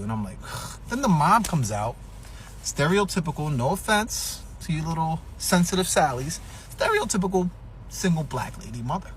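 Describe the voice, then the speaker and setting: Animated man telling a profane story. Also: on the high side, normal speed, a little hiss or hum. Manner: animated, profane, acts out quotes. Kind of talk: comedic personal storytelling.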